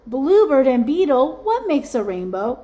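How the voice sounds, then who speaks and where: A woman's voice: high voice, very animated, a little slow, warm tone. A woman voicing a small, curious young rabbit in a storybook read-aloud, asking eager questions.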